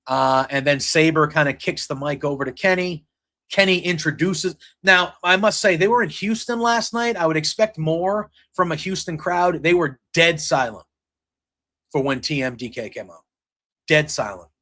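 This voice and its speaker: A man's voice: a little high, fairly bright tone. A man hosting a wrestling podcast, telling back a show in a loose, rambling way with many fillers and quoted lines. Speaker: podcast host recapping wrestling. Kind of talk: casual spoken recap.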